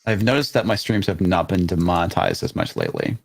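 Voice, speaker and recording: A man's voice: sits low, wildly swooping pitch, fairly quick, creaky, slightly rough, no echo. A man hosting a casual live stream, reading news articles aloud and rambling between them with stammers and swearing. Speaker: livestream host.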